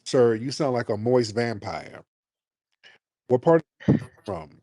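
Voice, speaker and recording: A man's voice: medium pitch, animated, measured pace, dark tone, dry recording. A male host runs a call-in talk show with a brash, blunt manner, teasing and grilling his callers. The sound is dry and close, with no room around it.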